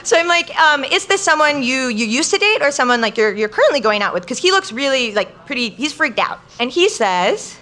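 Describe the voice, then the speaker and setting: A young woman telling a comic story on stage to a live crowd, chatty and full of "like", quoting people in lively bursts. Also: high voice, fairly quick, hardly any pauses. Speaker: guest storyteller.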